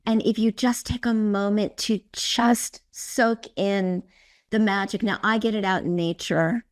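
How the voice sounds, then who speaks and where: Speaking a little slowly in a mid-range voice with fairly even intonation, a woman hosts a casual interview podcast. She's effusive and full of stories, re-enacting her past comments and voicing her inner speech.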